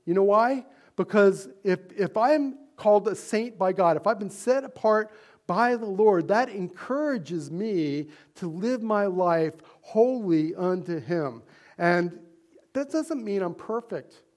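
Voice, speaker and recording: A male pastor delivering a sermon in a notably high voice. He preaches in an earnest, conversational way, pausing on fillers and tossing rhetorical questions to the congregation. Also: expressive, darkish tone.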